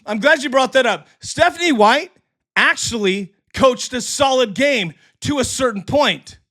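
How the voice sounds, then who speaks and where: A middle-aged man hosting a live sports stream, ranting and yelling into his mic with a voice that is going hoarse. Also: very high-pitched, expressive, measured pace. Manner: heated, yelling, profane. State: losing his voice. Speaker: sports livestream host. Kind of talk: ranting live sports commentary, reading chat. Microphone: desk mic for a livestream.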